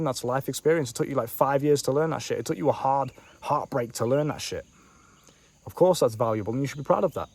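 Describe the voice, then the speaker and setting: Sitting on a bench outdoors in a warm country, an online business coach talks quickly and bluntly in a casual vlog, addressing the listener directly with profane, slang-heavy coaching. His voice is mid-range and darkish, with insects and crickets chirping behind him.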